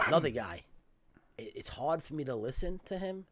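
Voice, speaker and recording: A man's voice: on the high side, lively intonation, normal speed, a bit bright, a little hiss or hum. A man telling a story in casual podcast chat, emphatic and profane in a street style.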